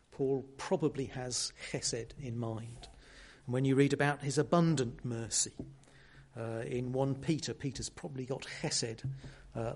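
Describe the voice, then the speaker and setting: An earnest male preacher with a slightly high voice, teaching patiently. He explains and illustrates with a story, building to warmer emphasis on key words. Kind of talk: sermon.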